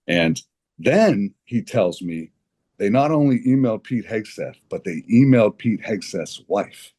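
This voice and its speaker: A man guesting on a podcast, telling an animated, indignant story with blunt language and frequent restarts. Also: on the low side, unhurried, slightly rough. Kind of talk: conversational podcast interview.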